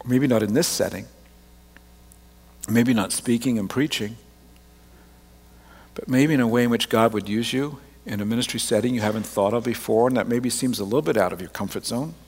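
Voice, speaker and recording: A man's voice: mid-range voice, normal speed, long pauses, darkish tone, slightly rough. A man with a mixed Australian and Canadian accent, preaching a conversational, self-deprecating sermon from a church stage into a microphone. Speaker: pastor. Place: large church auditorium on stage. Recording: long hall reverb.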